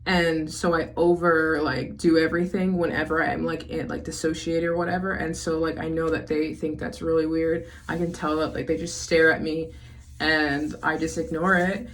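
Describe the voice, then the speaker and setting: A woman's voice: sits low, flat delivery, moderate pace, a little hiss or hum. A young adult woman talking to camera in a casual confessional vlog, rambling with lots of fillers and restarts.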